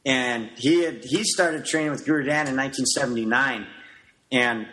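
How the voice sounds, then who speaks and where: A man's voice: mid-range voice, moderate pace. Brief: middle-aged male guest, mid-range voice, rambling anecdotes, plenty of "you know" fillers. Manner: animated storyteller who acts out his younger self in quotes. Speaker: guest, martial arts coach. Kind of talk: casual storytelling interview.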